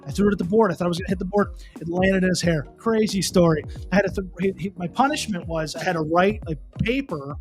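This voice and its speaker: A middle-aged man hosts a relaxed morning show and tells stories in an animated way. He restarts his sentences and often checks in with the listener. Faint music plays quietly beneath his voice. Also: high voice, fast, few pauses. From Pennsylvania. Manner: animated, restarts and repeats, asks the listener questions. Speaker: host. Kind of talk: casual morning show storytelling.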